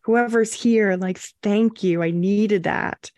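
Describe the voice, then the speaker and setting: A young woman co-hosting a podcast, telling a story in a casual, animated way and acting out quotes. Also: medium pitch, takes it slowly, dry recording. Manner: animated, acts out quotes with swearing and laughs. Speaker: podcast co-host.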